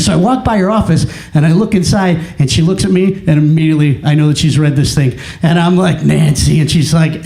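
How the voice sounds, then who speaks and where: Animated high-voiced male stand-up comic. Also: a little fast, few pauses, echoey room. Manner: animated storytelling, acts out dialogue with shouted punchlines. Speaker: stand-up comedian. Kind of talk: stand-up comedy set.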